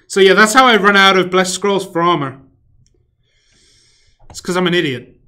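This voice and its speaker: Bright-voiced man streaming a game. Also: sits high, normal speed. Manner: rambling, swears freely, mutters and hums to himself while playing. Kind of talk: casual live-stream chat while playing.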